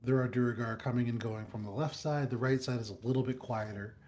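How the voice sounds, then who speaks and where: A man's voice: mid-range voice, steady tone, brisk, darkish tone, a little hiss or hum. A man narrating a tabletop game as dungeon master, describing the scene with frequent ums and uhs. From United States.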